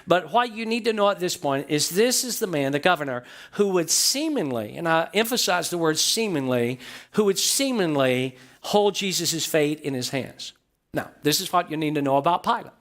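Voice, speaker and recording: A man's voice: a little high, animated, fairly quick, few pauses, a bit bright. A man pastor preaching a sermon to his church, stressing points by repeating phrases and asking the congregation questions. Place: church sanctuary.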